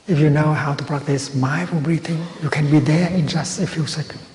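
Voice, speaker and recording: A man giving a Buddhist dharma talk at a retreat, speaking slowly and gently with measured pauses. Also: on the high side, steady tone. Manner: slow, gentle, measured phrasing with long pauses. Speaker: Buddhist teacher. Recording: roomy hall with long reverb and faint noise.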